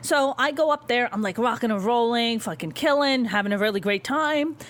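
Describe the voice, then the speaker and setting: A woman stand-up comedian telling a story in a casual interview, animated, blunt and full of swearing. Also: a little high, fairly quick.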